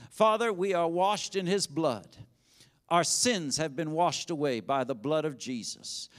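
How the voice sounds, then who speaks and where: A man's voice: on the high side, fairly bright tone. A man pastor preaching a sermon and leading a prayer, with rising intensity and fervent repetition. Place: church sanctuary.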